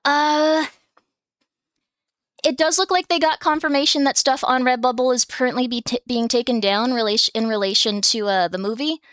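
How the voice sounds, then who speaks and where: High-voiced chatty woman streamer. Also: fairly even intonation, normal speed, fairly bright tone, clear, resonant tone, dry recording, clean studio sound. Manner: rambling and chatty, full of filler words; giggly, breaks into small laughs. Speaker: streamer host. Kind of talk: casual live-stream chat. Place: home room with her cats.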